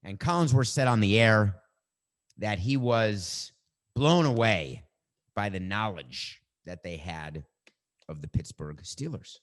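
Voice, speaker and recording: A man's voice: fairly low pitch, lively intonation, slow pace. A middle-aged man hosting a sports show, delivering an opinionated monologue in an emphatic, wry way and drawing out words for effect. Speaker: sports podcast host.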